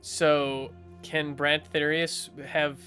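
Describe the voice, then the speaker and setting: A man's voice: fairly high pitch, little pitch movement, very slow, sharp tone, faint music behind. A man playing a tabletop game who gets flustered and trips over his words. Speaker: player. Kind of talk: tabletop game role-play.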